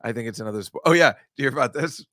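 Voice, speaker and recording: Male podcast host, bright tone, animated rambling storyteller, dry close mic. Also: medium pitch, racing, no room sound. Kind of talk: casual chat.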